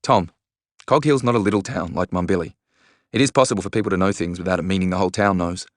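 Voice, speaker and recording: A man's voice: deep voice, fast talker, no room sound, studio quality, lightly acted. A man voicing a blunt, easygoing young man who talks with matter-of-fact reassurance. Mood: steady.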